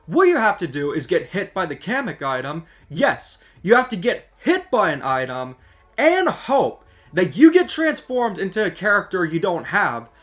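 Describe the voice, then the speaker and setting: High, animated ranting man. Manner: exasperated and sarcastic. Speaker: gaming video creator. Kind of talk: scripted ranting commentary.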